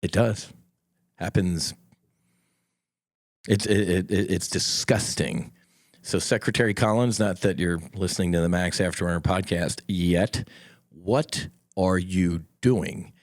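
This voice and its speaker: A man's voice: low-pitched, fairly even intonation, measured pace, pauses often, no room sound, studio quality. A middle-aged man hosting a solo podcast, talking in a blunt, impassioned way and swearing freely. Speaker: podcast host.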